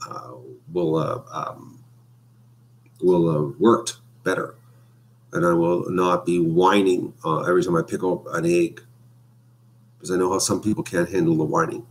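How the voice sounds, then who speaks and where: A man chats on a home live stream over a webcam mic. His voice sits somewhat low, and he rambles, trailing off into fillers as he talks. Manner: rambling, hesitant with many fillers. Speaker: vlogger. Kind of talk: casual live stream chat.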